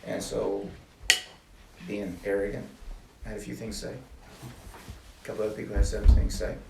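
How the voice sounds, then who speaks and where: A man's voice: on the low side, monotone, moderate pace, vocal fry, reverberant, far from the mic, background noise. An older man giving a testimony talk to a small group, earnest and preacherly, repeating his key phrases. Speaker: ministry speaker.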